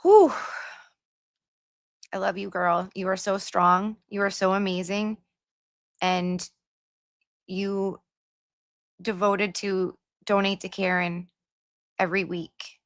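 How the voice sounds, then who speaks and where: Slow-talking, gushing woman livestreamer. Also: mid-range voice, flat delivery, dry recording, studio quality. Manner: gushing and chatty, sings little filler tunes. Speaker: livestream host. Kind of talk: casual livestream chat reading comments.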